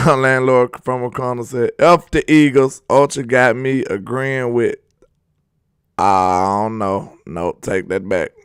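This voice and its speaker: A young man hosting a sports live stream, reading chat and loudly teasing viewers with laughter. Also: mid-range voice, takes it slowly, clean tone, no room sound, clean studio sound. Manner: loud trash talk, laughing and teasing viewers. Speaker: sports channel host.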